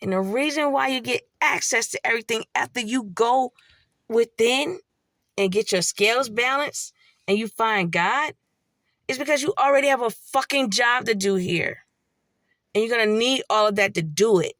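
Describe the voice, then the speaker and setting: A woman's voice: a little high, normal speed, a bit bright, dry recording, clean studio sound. A woman giving a blunt, heavily profane spiritual monologue in a preachy way. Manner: blunt, heavy swearing, preachy. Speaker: spiritual vlogger.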